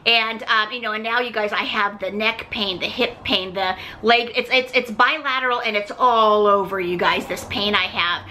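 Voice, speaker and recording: A woman's voice: mid-range voice, fairly even intonation, moderate pace, few pauses, sharp tone, a little hiss or hum. A middle-aged woman hosting a vlog, telling a personal story in a chatty way and often turning to her viewers. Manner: chatty, keeps saying "you guys". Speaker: vlog host.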